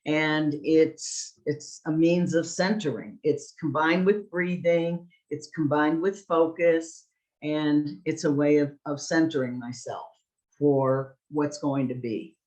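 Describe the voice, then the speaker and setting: A woman's voice: low-pitched, fairly even intonation, slow pace, darkish tone, poor audio. A woman social worker giving a reflective, conversational webinar talk over a video call. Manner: reflective, conversational, with personal anecdotes. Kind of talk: presentation to an online audience.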